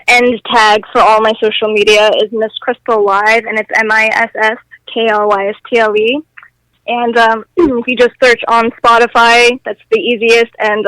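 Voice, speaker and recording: A woman's voice: on the high side, fairly bright tone, no echo. Young female singer on a phone line. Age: young adult. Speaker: singer, interview guest. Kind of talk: casual interview chat.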